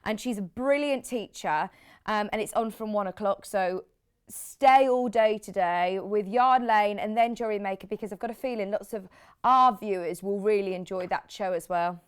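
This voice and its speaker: A woman's voice: medium pitch, normal speed, clean tone. A British woman hosting a live TV shopping show, chatty and rambling, with lots of asides. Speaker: shopping channel host.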